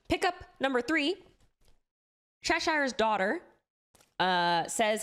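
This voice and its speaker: A woman's voice: fairly high pitch, sing-song, extremely slow, long pauses, fairly bright tone. A woman streamer chatting casually and enthusiastically about comics, swearing freely as she talks.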